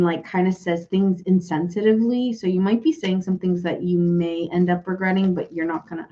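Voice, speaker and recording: A woman's voice: on the low side, a little mellow, highs cut off. Giggly, chatty woman reading tarot. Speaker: tarot reader. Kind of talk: casual live tarot reading.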